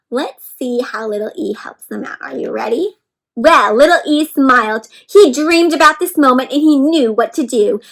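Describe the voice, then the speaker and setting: Animated woman reading aloud to kids. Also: high voice. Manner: animated, with frequent gasps; teacherly, sounds words out. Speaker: children's storyteller. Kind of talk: interactive read-aloud for kids.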